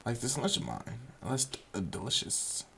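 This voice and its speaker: A man putting on a raspy deadpan schoolgirl. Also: moderate pace, exaggerated voice. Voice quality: slight rasp. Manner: flat deadpan delivery, soft and low-key. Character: deadpan, blunt teenage schoolgirl. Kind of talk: voicing a visual novel character.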